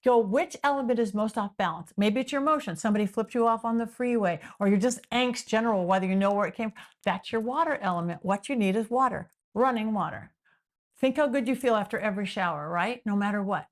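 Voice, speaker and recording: Talking fast at a medium pitch, this middle-aged psychic medium from Southern California is a podcast guest. Her explanations are casual and animated, with frequent restarts.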